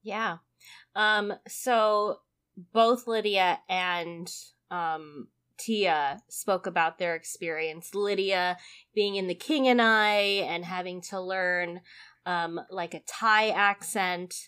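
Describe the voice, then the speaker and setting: A woman's voice: fairly low pitch, slow, sharp tone, clean tone. A woman co-hosting a podcast, telling stories in a bubbly way with lots of laughter and filler words. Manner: bubbly storyteller, laughs a lot, many "like"s. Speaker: podcast co-host. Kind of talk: casual podcast chat.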